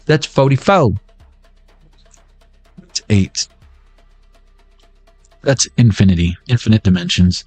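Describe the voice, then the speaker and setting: A man's voice: lowish voice, animated, slow pace, long pauses, darkish tone, no echo, faint music behind. A man giving a casual pick-a-deck tarot reading, joking around in a playful, slangy way. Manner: playful and jokey, slangy banter. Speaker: tarot reader.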